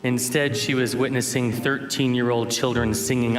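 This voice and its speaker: A man giving a keynote talk at a conference, telling a personal story in an animated way and acting out scenes. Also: mid-range voice, moderate pace, music in the background, rough recording. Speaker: keynote speaker. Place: conference hall.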